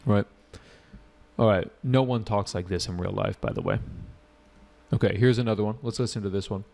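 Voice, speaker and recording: A man's voice: on the low side, normal speed, creaky, darkish tone. A man teaching a live online test prep class, casual and joking as he walks through questions and answers student chat.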